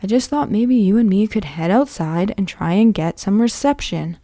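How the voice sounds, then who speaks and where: A woman reading a storybook aloud, voicing a worried, protective brother who speaks quickly and anxiously. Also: medium pitch, lively intonation, mellow, no echo, studio quality.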